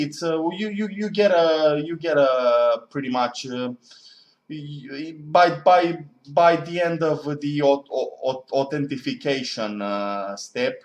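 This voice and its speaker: A man talking in a casual, rambling monologue as a student, musing and often correcting himself. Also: medium pitch. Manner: musing, digressive, self-correcting. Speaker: student vlogger. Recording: echoey room.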